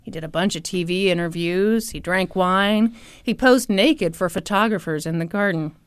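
A woman's voice: on the low side, moderate pace, smooth, dry recording. Sarcastic, profane woman telling a true-crime story. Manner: profane, sarcastic, animated retelling. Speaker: podcast host.

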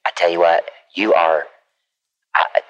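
A man's voice: sits low, steady tone, a little slow, fairly bright tone, dull audio. Man playing a gossipy old aunt. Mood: doting, rambling. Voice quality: meandering, gossipy, loses the thread. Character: rambling elderly Southern aunt, chatty and doting. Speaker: caller. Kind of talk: comedic phone-call character bit. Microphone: phone on speaker. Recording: speakerphone call with background noise.

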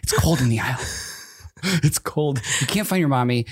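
A man co-hosting a casual chat, with a deadpan, dryly joking delivery and an easy mid-range voice. The sound is dry and close, with no room echo. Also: mid-range voice, normal speed, slightly rough. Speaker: co-host.

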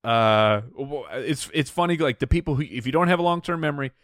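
A man in casual podcast chat, speaking haltingly and thinking aloud with restarts. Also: medium pitch, animated, a bit bright, dry recording, studio quality.

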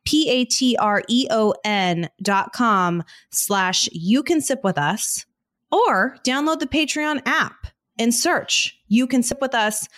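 A woman's voice: a little high, lively intonation, slow, fairly bright tone. A woman co-hosting a podcast, giving a breezy, upbeat plug for bonus episodes. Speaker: podcast co-host. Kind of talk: casual promo read.

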